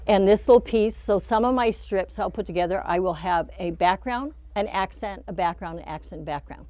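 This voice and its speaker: A woman's voice: mid-range voice, normal speed, mellow, no echo. A middle-aged woman teaching a quilting pattern in a casual, chatty demonstration, talking through each step and laughing at her own slips in a shop studio. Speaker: quilting instructor.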